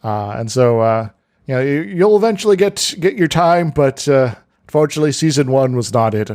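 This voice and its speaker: A man co-hosting a podcast in casual chat, playful and quick to laugh. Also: mid-range voice, expressive, a little mellow. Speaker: podcast co-host.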